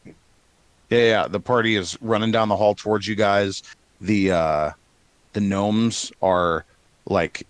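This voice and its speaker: A man narrating a tabletop game as game master, relaxed and rambling with many fillers. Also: low-pitched, no echo.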